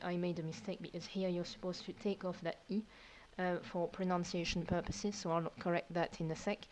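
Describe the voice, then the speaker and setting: A woman's voice: mid-range voice, darkish tone, low-quality recording. A woman teacher, patiently explaining verb tenses step by step in a recorded lesson. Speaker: French teacher.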